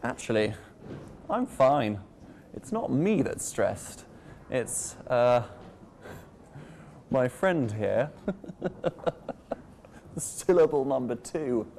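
A man teaching English pronunciation in a scripted lesson, playful and deliberate as he spells out words. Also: mid-range voice, sing-song, creaky, darkish tone, slight background noise.

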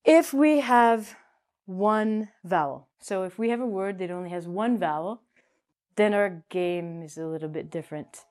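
A woman's voice: medium pitch, unhurried, darkish tone. A woman teaching English in a playful, chatty way, joking to herself as she explains. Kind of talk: casual spoken lesson.

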